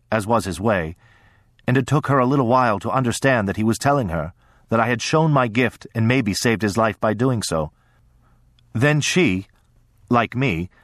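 In clean, dry studio sound, a male audiobook narrator delivers scripted first-person narration. His mid-range voice keeps a measured, even storytelling pace.

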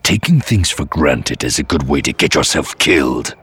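A man's voice: extremely low pitch, expressive, moderate pace, fairly bright tone, husky, exaggerated voice. A man voicing a grim, wary male Sith warrior who speaks in a clipped growl. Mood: tense.

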